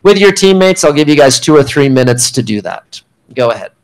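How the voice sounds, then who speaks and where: A man giving a classroom workshop lecture, speaking in a clear, emphatic teaching manner and often checking in with "okay?". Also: on the high side, sing-song, fairly quick, rough recording. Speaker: workshop instructor. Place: university meeting room.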